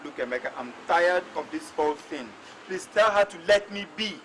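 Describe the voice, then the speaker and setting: A man's voice: on the high side, a little fast, a bit bright, a little hiss or hum, close to an everyday voice, low-quality recording. An actor playing a young man torn between his lover and his family, with a Nigerian accent, speaking wearily. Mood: exasperated. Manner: weary, exasperated.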